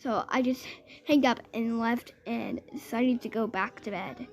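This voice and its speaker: Brief: woman, high voice, slow rambling scary-story teller. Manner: rambling, lots of "I was like" quoting. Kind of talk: improvised scary story telling.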